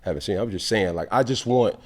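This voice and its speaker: A man's voice: fairly low pitch, rapid-fire. A man hosting a podcast, talking sports casually and emphatically, with slang and rhetorical questions. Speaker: podcast host.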